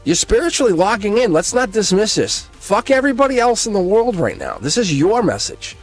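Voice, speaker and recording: Excitable man with a lively, high voice. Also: brisk, soft background music. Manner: excitable, laughs often, swears freely. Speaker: tarot reader hosting a live stream. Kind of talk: casual live-stream tarot reading.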